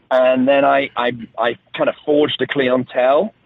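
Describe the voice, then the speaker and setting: A man's voice: medium pitch, steady tone, measured pace, hardly any pauses, no room sound. Guy phoning into a radio chat, easygoing, self-deprecating, sounds like a phone line. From northern England. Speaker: guest. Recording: tinny dry phone line.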